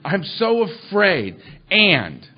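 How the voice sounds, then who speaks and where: A man's voice: sits high, very slow, slightly rough. A man speaking at a recovery meeting, telling humorous stories about himself and acting out the people in them. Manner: self-mocking, animated, acts out quotes. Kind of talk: humorous storytelling talk. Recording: muffled lo-fi recording.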